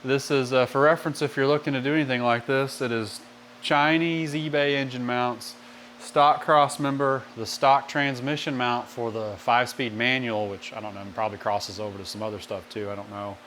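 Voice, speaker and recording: A man hosts a DIY mechanic channel in a slightly bright, medium-pitched voice, keeping a fairly even intonation at a normal pace. He wryly rambles through casual commentary on his truck build in a home garage or shop, cursing now and then as he goes, with a little hiss or hum audible.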